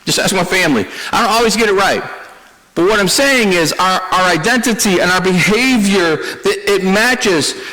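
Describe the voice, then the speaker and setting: A man's voice: sits high, normal speed, bright, forceful tone. A man preaching a sermon as pastor, talking to the congregation conversationally, repeating key lines and joking at his own expense. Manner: conversational preaching with repetitions and self-deprecating humor. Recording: long hall reverb.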